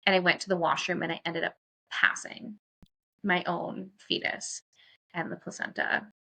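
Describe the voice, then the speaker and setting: A woman's voice: lowish voice, level tone, normal speed, gravelly, pushed and bright. A woman guest on a podcast, candidly telling a personal story in a chatty way, full of "like" fillers and quoting what she and others said. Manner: chatty, frequent "like" fillers, quotes herself.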